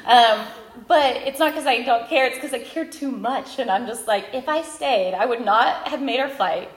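A woman in her thirties, a speaker at a women's ministry gathering, giving a candid, self-deprecating personal testimony with lively storytelling. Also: on the high side, normal speed, echoey room.

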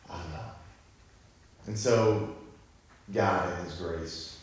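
A man's voice: deep voice, takes it slowly. Man preaching in an echoey hall. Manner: conversational storytelling, building to fervent emphasis. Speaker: pastor. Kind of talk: sermon.

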